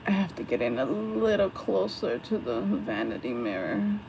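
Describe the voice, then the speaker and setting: A woman's voice: fairly low pitch, big pitch swings, normal speed, noisy background. A young woman chatting casually on a livestream while she does her makeup at home, rambling, laughing often and swearing. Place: home, at a vanity mirror.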